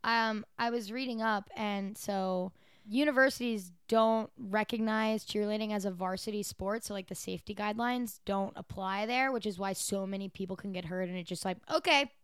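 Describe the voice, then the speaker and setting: A woman's voice: mid-range voice, moderate pace, clear, resonant tone, no room sound, clean studio sound. Young woman podcast co-host, rambling and chatty, clean resonant voice. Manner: chatty, rambling, quotes people in lively voices. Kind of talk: casual chat.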